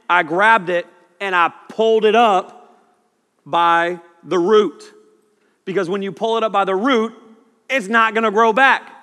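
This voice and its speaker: Brief: male preacher, casual and lively sermon delivery, bright and forceful tone, echoing hall. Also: high-pitched. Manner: animated, conversational, acts out voices. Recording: echoey hall reverb.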